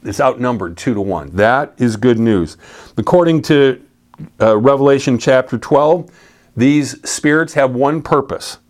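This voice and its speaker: A man's voice: medium pitch, animated, a little slow, a little mellow. A man preaching a casual sermon, reading scripture aloud and explaining it in a plain, conversational way. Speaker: pastor.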